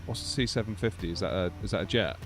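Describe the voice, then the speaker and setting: A man's voice: sits low, quick pace, over music. A man streaming a flight simulator, chatting casually with his viewers between radio calls and sounding a bit sleepy. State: sleepy, yawning. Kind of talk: casual live-stream chat.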